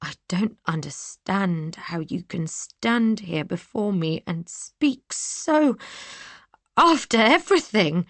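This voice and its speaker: A woman's voice: lowish voice, moderate pace, no echo, natural voice. A woman voicing a grieving young woman confronting her brother, her voice rising, pleading and tearful. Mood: hurt, angry.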